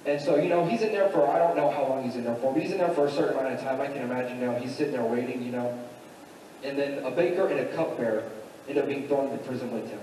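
A man's voice: medium pitch, quick pace, mellow, slight background noise. A man preaching a sermon, retelling a story casually with many fillers, in a church sanctuary. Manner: casual, filler-heavy retelling with "like" and "you know". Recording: echoey hall from far off.

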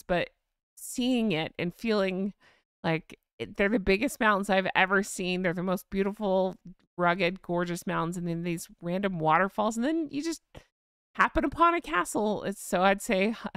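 A woman's voice: medium pitch, vocal fry, fairly bright tone, smooth, no echo, studio quality. A woman hosting a casual livestream chat, bubbly and reading comments aloud. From United States. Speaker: livestream host.

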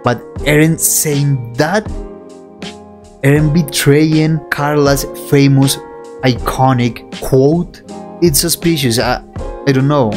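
An excitable young man reacts to anime, his speech unhurried and drawn out, with faint music from the episode playing underneath. He swears freely, laughs often and calls the listener bro, moving between hype and reflection at a mid pitch.

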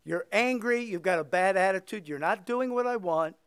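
A man's voice: sits high, normal speed, a bit bright, clear, resonant tone, dry recording, clean studio sound. A male pastor preaching a sermon and leading a closing prayer, impassioned and emphatic, repeating phrases for weight and quoting scripture.

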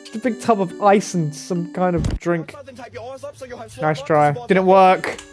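A man's voice: high voice, takes it slowly, over music. A man hosting a casual meme reaction video. He speaks in short exclamations and laughs often. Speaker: YouTube reaction host.

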